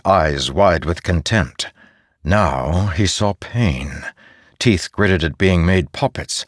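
A man narrating a fantasy audiobook in an expressive storytelling way, close to a studio mic. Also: deep voice, no echo.

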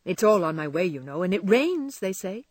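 A woman voicing a polite, friendly young gentleman who speaks courteously. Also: mid-range voice, big pitch swings, moderate pace, no room sound, studio quality. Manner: courteous and obliging.

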